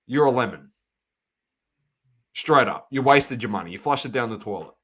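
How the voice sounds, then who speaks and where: A man's voice: mid-range voice, lively intonation, brisk, fairly bright tone. A man co-hosting a casual podcast, ranting emphatically and repeating his points. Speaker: podcast co-host. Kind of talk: casual chat.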